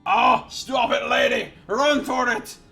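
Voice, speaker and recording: A man voicing a terrified young stable hand who shouts in panic. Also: very high-pitched, steady tone, slow, gravelly, faint music behind, pitched above the performer's own voice, full character voice. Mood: panicked.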